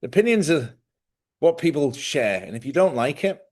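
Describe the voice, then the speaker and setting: A man's voice: a little high, big pitch swings, normal speed, darkish tone. A middle-aged man, hosting a casual livestream monologue, a chatty storyteller who laughs often and acts out other people's voices. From Ireland. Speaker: livestream host.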